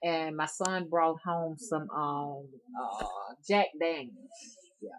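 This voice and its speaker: A middle-aged woman from the Deep South speaks in a low, homey voice with a strong Alabama accent. She rambles along in a folksy, unhurried way, addressing her viewers directly as she reminisces. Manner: rambling, folksy, chuckling often. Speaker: rootworker vlogger. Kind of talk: casual chat to viewers.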